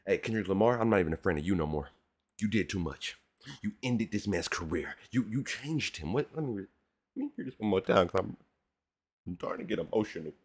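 A man hosting a music reaction video, talking in a casual, slangy way with animated, mock-outraged rants. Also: sits low, brisk, husky.

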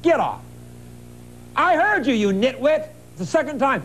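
A man's voice: very high voice, very animated, normal speed, fairly bright tone, rough recording. A middle-aged man hosting a 1980s call-in TV show who insults his callers and cuts them off. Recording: faint hum, 1980s TV broadcast.

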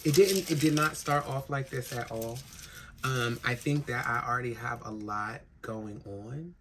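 A woman's voice: very deep voice, measured pace. A trans woman vlogging at home, worn out after crying, talking frankly and rambling with plenty of swearing. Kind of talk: casual vlog chat to camera. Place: home in a big city. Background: faint city noise.

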